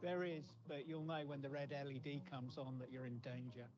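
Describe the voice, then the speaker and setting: Male company founder, halting speech, mid pitch, dull broadcast sound. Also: level tone. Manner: hesitant, repeats words, chuckles. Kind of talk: guided tour interview.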